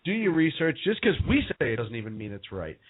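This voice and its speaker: A man's voice: on the high side, very animated, quick pace, slightly rough. A man hosting a talk radio show, earnestly steering the talk and wrapping up segments. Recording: tinny phone-like sound.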